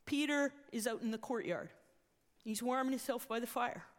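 High-voiced woman preaching in a hall. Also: moderate pace. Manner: animated storytelling, acts out quoted voices. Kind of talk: sermon. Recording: long reverb of a hall.

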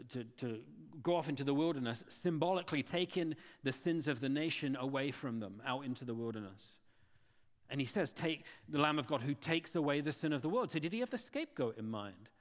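A pastor preaches a sermon in a large hall, his male voice sitting at medium pitch. He sounds earnest and keeps putting rhetorical questions to his listeners.

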